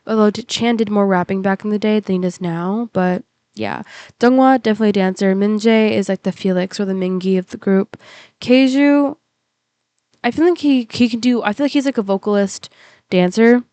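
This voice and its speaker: This young woman's voice is mid-range and mellow, with a steady tone and moderate pace, captured on a computer mic with no room sound. As a K-pop reaction vlogger she talks loosely, full of fillers and restarts, and becomes emotional enough to be on the verge of tears.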